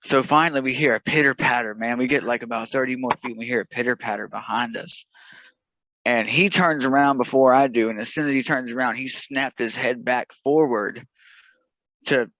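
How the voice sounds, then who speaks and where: Young dude rambling thru a story, swearing a ton, dry close sound. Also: male voice, mid-range voice, a little fast, sharp tone, no room sound, muffled recording. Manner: profane, rambling, jokey. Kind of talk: casual podcast storytelling.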